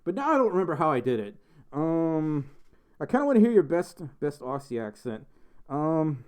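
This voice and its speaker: A man's voice: fairly high pitch, big pitch swings, normal speed, a little mellow, clear, resonant tone. A man with a slight Southern accent from Mississippi, chatting casually on a livestream and reading out chat comments, rambling and self-deprecating with lots of fillers. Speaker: livestream host.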